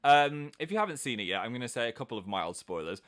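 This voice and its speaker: Playful, lively man hosting a live stream. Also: medium pitch, fast. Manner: playful, self-mocking, reads out viewer comments. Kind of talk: casual live-stream chat.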